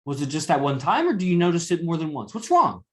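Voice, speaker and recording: A man's voice: a little high, huge pitch swings, fast talker. A profane, berating male lecturer. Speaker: lecturer coaching students. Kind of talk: live classroom lecture.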